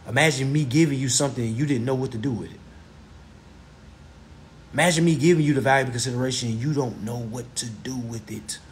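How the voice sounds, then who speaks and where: A man's voice: mid-range voice, a little hiss or hum. A man lecturing on a live stream, blunt and profane, who repeats his phrases for emphasis.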